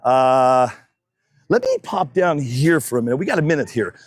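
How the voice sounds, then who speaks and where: A man with a mid-range voice, huge pitch swings and a moderate pace sounds clean and studio-dry, with no echo. He's a race announcer doing casual live-stream commentary at an outdoor drag racing track, slightly out of breath on a body-worn wireless mic, joking, chatting and calling loudly to the crowd.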